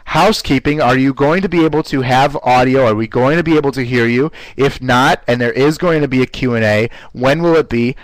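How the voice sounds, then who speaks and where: Male webinar instructor, mid pitch, coaching tone, dry close-mic sound. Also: dry recording, poor audio. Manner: energetic, coaching, repeats words as he goes. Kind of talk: live online class.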